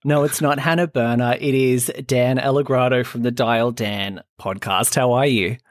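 A man's voice: medium pitch, fairly even intonation, moderate pace, dry recording, clean studio sound. A man hosting a podcast, recapping reality TV in a chatty, gossipy way with plenty of filler words. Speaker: podcast host.

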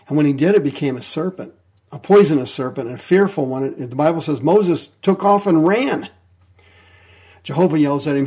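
A man preaching a fiery sermon, acting out biblical figures in quotes and swinging between loud and low. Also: animated, a little fast, slightly rough.

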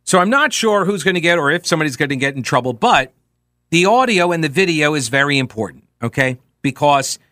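A man's voice: fairly high pitch, lively intonation, a little fast, pushed and bright, no echo, clean studio sound. Sardonic male talk radio host. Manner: conversational and sardonic, with frequent fillers.

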